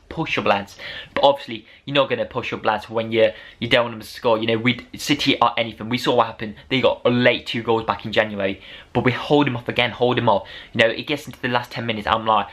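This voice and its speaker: Male fan vlogger, mid pitch, excitable rambling match recap, unpolished delivery. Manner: excitable, rambling, rising to shouts over goals. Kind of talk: unedited casual match review.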